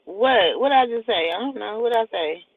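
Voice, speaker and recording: A man hosts a casual livestream, rambling, joking, and laughing often. His high-pitched voice is expressive at a normal speed, and the dry audio sounds tinny and phone-like with a faint hiss.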